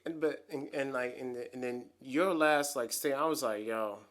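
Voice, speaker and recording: A man's voice: medium pitch, moderate pace, a bit bright. A man co-hosting a podcast in casual chat, adding context to his partner's story and correcting her. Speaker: podcast co-host. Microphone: USB condenser mic.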